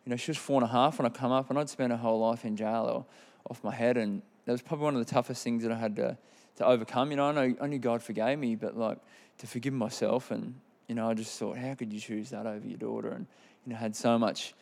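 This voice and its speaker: A man's voice: medium pitch, steady tone, fast, a little mellow. Candid Australian man giving testimony. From Queensland, Australia. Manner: rambling, candid, many fillers. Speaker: testimony speaker. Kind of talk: personal testimony.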